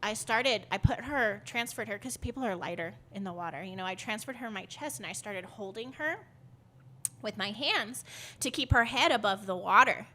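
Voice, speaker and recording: A woman's voice: medium pitch, animated, normal speed, pushed and bright. A woman guest on a podcast, telling a personal story in a loose, rambling way, full of fillers and laughs. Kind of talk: casual storytelling.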